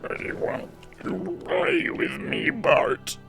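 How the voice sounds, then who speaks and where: A man's voice: very high-pitched, huge pitch swings, extremely slow, creaky, over music, pitched above the performer's own voice, heavily acted. A man doing an impression of a whiny, nerdy cartoon boy, nasal and drawn out.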